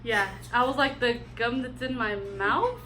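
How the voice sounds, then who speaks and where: A woman's voice: on the high side, big pitch swings, a little slow, sharp tone. A young woman co-telling a storytime vlog, teasing and playful. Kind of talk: casual storytime chat.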